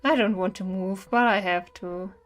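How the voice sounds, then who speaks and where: A young woman streaming horror games, chatting nervously and singing to herself to stay calm. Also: mid-range voice, moderate pace. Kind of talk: live-stream gameplay commentary. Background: faint game music.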